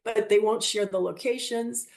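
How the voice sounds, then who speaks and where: A woman guest telling stories in an interview, animated and acting out the voices of the people she quotes. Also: medium pitch, normal speed, creaky. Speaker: guest, shop owner. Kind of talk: storytelling interview.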